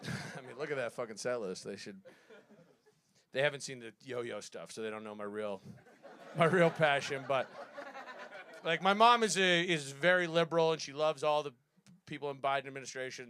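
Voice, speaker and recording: A man's voice: mid-range voice, moderate pace, long pauses, fairly bright tone. Self-mocking male stand-up in his thirties. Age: 30s. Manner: self-deprecating, rambling, laughs at own jokes. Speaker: stand-up comedian. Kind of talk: stand-up comedy set. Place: live comedy stage.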